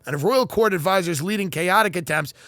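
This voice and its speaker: A man's voice: high-pitched, a little fast, bright, forceful tone, no echo. A man hosting a podcast, reading news aloud and riffing on it with sarcastic, mock-earnest comedy. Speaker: podcast host.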